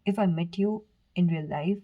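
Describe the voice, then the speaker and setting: A woman giving a pick-a-card tarot reading, speaking softly and earnestly to the viewer, with fillers, restarts and brief whispers. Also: on the low side, moderate pace, phone-quality sound. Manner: soft, earnest, direct address with fillers and self-corrections. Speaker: tarot reader.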